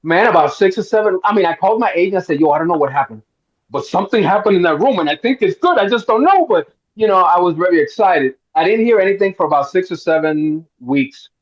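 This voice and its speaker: His voice is high and fast, and the recording has its highs cut off. He's a middle-aged Miami actor guesting at a roundtable, spinning a lengthy story and performing each quoted voice with animation.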